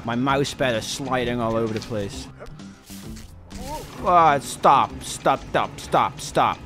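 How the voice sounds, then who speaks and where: A young man commentating his own gameplay, excitable and swinging between panic and cocky boasting. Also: mid-range voice, takes it slowly, over music. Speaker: gaming streamer.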